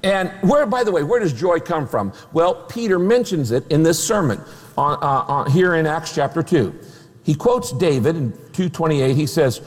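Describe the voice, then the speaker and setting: Animated high-pitched male pastor preaching. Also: normal speed. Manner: emphatic, rhetorical questions, wry humor. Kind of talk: sermon. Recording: long reverb of a large hall.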